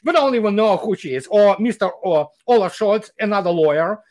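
Male commentator, high-pitched, sardonic and animated, halting with fillers. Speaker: guest commentator. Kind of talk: casual interview talk.

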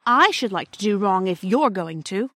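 A woman's voice: medium pitch, lively intonation, normal speed, no room sound, lightly acted. A devoted little girl, the youngest sister, speaking earnestly, as a woman reads her lines. The recording is close and dry. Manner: earnest and quiet. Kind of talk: storybook read aloud.

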